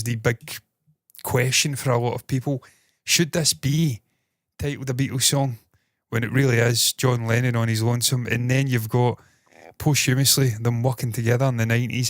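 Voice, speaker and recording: A man's voice: mid-range voice, dry recording, clean studio sound. A man hosting a casual entertainment news show, speaking in a put-on Scottish accent, swearing freely and rambling with a chesty cough. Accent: mock Scottish, put on. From Britain.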